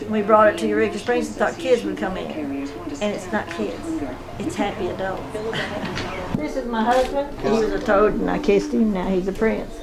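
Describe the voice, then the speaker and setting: A woman's voice: medium pitch, normal speed, rough recording. A woman, chatting in a folksy way while she shows visitors around her frog museum. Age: 90s. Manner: chatty, folksy, laughs through her stories. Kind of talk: casual storytelling tour. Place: indoor shop museum full of collectibles.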